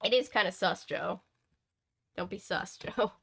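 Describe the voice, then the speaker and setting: A woman's voice: mid-range voice, unhurried, creaky, a bit bright, husky. Woman, live-stream host, reading a novel aloud, chatty asides, stumbles and self-corrects.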